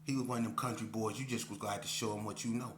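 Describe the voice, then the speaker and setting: A man's voice: lowish voice, steady tone, quick pace, reverberant, a little hiss or hum. A middle-aged man from Las Vegas telling a story in a loose, casual way, often saying "you know what I'm saying". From Las Vegas, Nevada.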